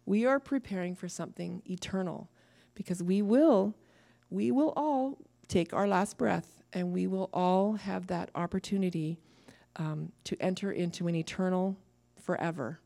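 A woman preaching a sermon to a church, lively and laughing at her own asides. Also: on the low side, unhurried, creaky.

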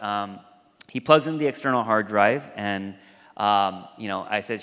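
A long hall reverb carries the sermon of a male pastor with a lowish, fairly bright voice, speaking at a moderate pace. His style is conversational storytelling, complete with acted-out quoted voices.

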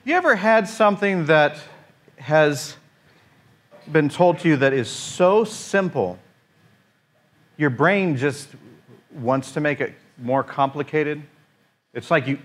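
A man preaching a conversational sermon, informal and joking, often pausing on "uh" and restarting his sentences. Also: a little high, lively intonation, fairly bright tone. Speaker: pastor.

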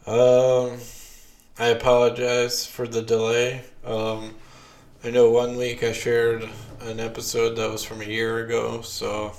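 A man's voice: mid-range voice, monotone, a little mellow, reverberant. A young man hosting a casual podcast with his wife, talking with many hesitations. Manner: slow, hesitant, many ums. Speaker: podcast host. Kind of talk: casual chat.

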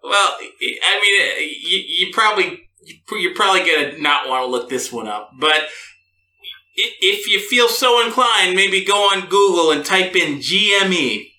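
Halting, hesitant host with a bright voice. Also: mid-range voice, animated, echoey room, poor audio. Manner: hesitant, halting, stammers while explaining. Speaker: radio show host. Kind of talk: casual on-air chat.

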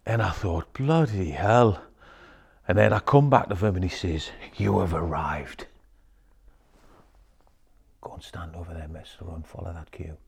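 Man, deep low voice, casual storytelling, slips into whispers. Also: moderate pace, vocal fry, husky. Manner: swears freely, hushed whispers when quoting others. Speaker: guest telling a personal story.

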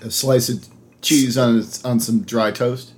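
A man's voice: medium pitch, steady tone, slow pace, darkish tone. A man guest on a comedy podcast, needling the host with exasperated questions. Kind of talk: comedic banter.

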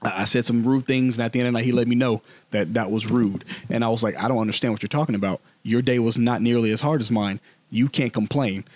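A man's voice: mid-range voice, steady tone, quick pace, a little mellow, no room sound. A man in his thirties, a podcast co-host, telling candid stories in casual chat full of slang. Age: 30s.

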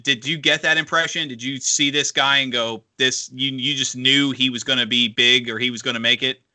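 A man's voice: medium pitch, sharp tone. A man hosting an interview show, asking long, winding questions with many restarts. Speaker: interview host. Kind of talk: radio interview.

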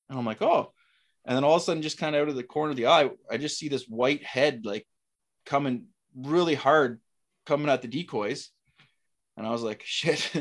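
A middle-aged man casually telling a story, acting out the lines of the people in it. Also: medium pitch. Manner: animated, acts out dialogue in quotes. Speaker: guest telling a hunting story.

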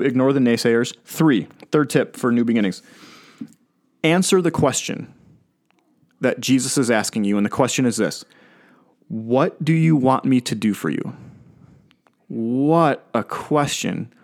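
A man preaching a sermon in a conversational, earnest way, with light laughter as he talks. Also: medium pitch. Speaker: pastor.

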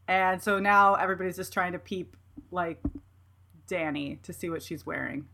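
A woman hosting a podcast in casual chat, animated and often laughing. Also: lowish voice, moderate pace, slight background noise. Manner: animated, laughing, quotes herself in voices. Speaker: podcast host.

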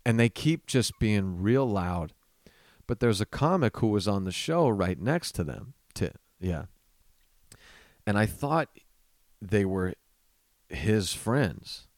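A man in his thirties with a lowish voice tells a story on his own podcast. He talks in a loose, swearing, rambling way, often restarting his sentences. The recording is dry and close, with no room sound. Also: sing-song, takes it slowly, long pauses, darkish tone, no echo. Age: 30s. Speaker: podcast host.

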